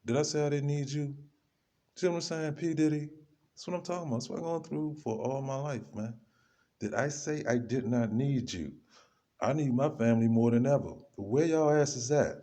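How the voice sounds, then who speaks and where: A man's voice: medium pitch, moderate pace, warm tone. A man vlogging, ranting to the camera in a loose, rambling way, full of slang and asides to himself. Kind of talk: rambling casual rant to camera.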